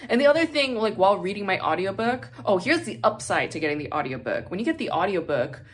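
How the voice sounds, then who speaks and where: A woman's voice: medium pitch, sing-song, fast talker, slightly rough. A woman hosting a podcast who chats casually and candidly, swearing freely and laughing often; English is her second language. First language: not English. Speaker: podcast host.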